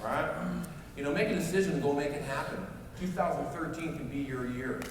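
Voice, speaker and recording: A man in his forties giving a lively storytelling speech to a crowd at a company event, acting out both sides of a phone call, often restarting his sentences. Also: on the high side, brisk, heavy background noise. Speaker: motivational speaker at a company event. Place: large event hall. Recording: echoey hall from far off.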